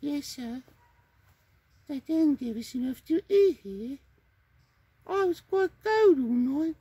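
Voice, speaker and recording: Puppet voice, very high, squeaky, slow drawl, boastful troublemaker, cheeky. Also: male voice, big pitch swings, mellow, no room sound, exaggerated voice. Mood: complaining. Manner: drawling, boastful, ends lines with "man".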